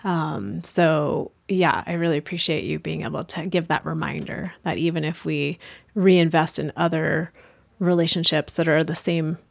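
A woman's voice: sits low, normal speed, gravelly, dry recording. A woman hosting a podcast interview, talking in an affirming, conversational way to her guest. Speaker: podcast host.

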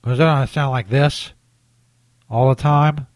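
Male solo podcast host, brash and profane, mid-pitch, close dry mic, music under. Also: fairly even intonation, measured pace, dry recording. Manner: cocky, profane, boastful bits. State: coming down with a cold. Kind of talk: comedic solo podcast rant.

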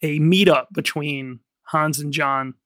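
A man co-hosting a film podcast in casual chat, rambling with lots of fillers and quick laughs. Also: a little high, steady tone, a bit bright, no room sound, clean studio sound. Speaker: podcast co-host.

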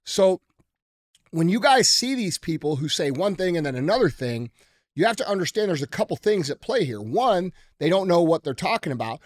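A man's voice: high voice, very animated, normal speed, darkish tone, no room sound, studio quality. Opinionated man, emphatic podcast co-host. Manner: emphatic, opinionated, rhetorical questions. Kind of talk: casual chat.

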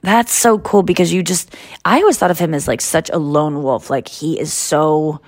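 A woman hosting a podcast, chatting casually and telling stories in an animated way, acting out what others said. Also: low voice, no room sound, studio quality. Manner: animated storytelling, quick impressions of others. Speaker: podcast host. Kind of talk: casual chat.

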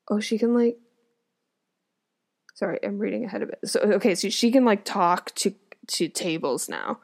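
A woman reads a fairy tale aloud and keeps breaking off for chatty, musing asides about the story. Her pitch sits in the middle for a woman but moves a lot, rising and falling as she talks. The effect is informal storytelling. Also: animated, moderate pace. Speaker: audiobook reader. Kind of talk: reading a fairy tale aloud with casual commentary.

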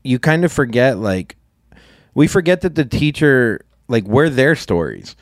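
A man's voice: mid-range voice, big pitch swings, unhurried, dry recording, clean studio sound. A man co-hosting a podcast, talking in a laid-back casual way with many "like" fillers. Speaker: podcast co-host. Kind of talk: casual chat.

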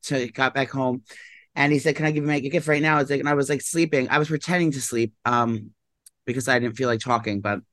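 A man's voice: medium pitch, steady tone, fast talker, a bit bright, no room sound. A man in his thirties chats on a podcast, rambling loosely with plenty of "like" and "um". He sounds sleepy, as though he has just woken up. The recording is dry and close, with no room sound. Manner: rambling, full of "like" and "um", sleepy and yawning. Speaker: podcast co-host. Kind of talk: casual chat.

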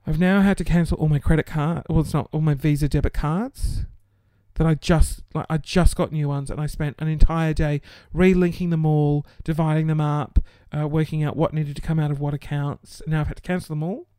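A man's voice: fairly high pitch, flat delivery, a little fast, dark tone, clean tone, no echo. Exasperated, sweary man, dry close sound. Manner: exasperated, sweary, laughing through frustration. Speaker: small business owner. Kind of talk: casual vlog rant.

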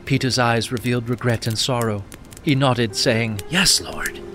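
A man narrating a Bible story in a measured, earnest way. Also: mid-range voice, fairly even intonation. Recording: narration over music.

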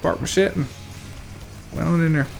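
A man's voice: a little high, moderate pace, gravelly, faint music behind. A man telling a long, rambling, profane story in casual podcast chat. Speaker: podcast co-host.

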